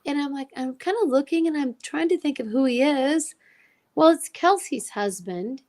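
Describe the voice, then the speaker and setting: A woman's voice: high voice, moderate pace. A woman telling an emotional personal story as a guest, acting out the voices of the people she quotes. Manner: animated, acts out quoted dialogue.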